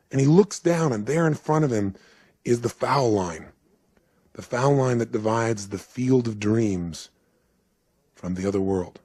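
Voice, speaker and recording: Husky-voiced male motivational speaker. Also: lowish voice, dry recording. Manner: dramatic, building, swings from hushed to urgent. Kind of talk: motivational speech with storytelling.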